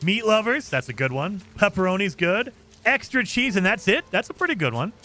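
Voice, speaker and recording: A man's voice: high voice, big pitch swings, a little fast, sharp tone. A man streaming a game, chatting casually and reacting to viewer comments with lots of fillers. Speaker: gaming streamer. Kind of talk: casual chat with live chat.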